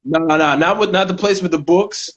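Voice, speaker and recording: A man with a New York accent, an actor and co-host, chatting casually on a podcast with frequent restarts and easy laughter. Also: high-pitched. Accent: New York (Staten Island). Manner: halting, restarts a lot, laughs easily. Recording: dull lo-fi recording.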